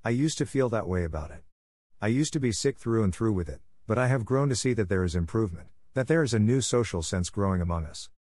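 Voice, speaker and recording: A man reading the part of a calm, hopeful woman probation officer, speaking steadily and reasonably. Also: lowish voice, quick pace, no echo, studio quality. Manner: steady, reasonable, quietly firm. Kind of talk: audiobook character reading.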